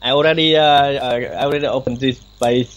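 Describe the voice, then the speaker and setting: A man's voice: mid-range voice, fairly even intonation, a little fast, highs cut off. A man learning in an online lesson, speaking hesitantly with many fillers and restarts. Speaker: student.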